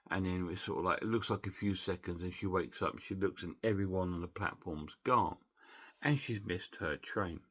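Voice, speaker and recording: Chatty man rambling through a recap. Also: low voice. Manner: rambling, chatty, with many restarts and fillers. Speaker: film reviewer. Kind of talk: casual film recap.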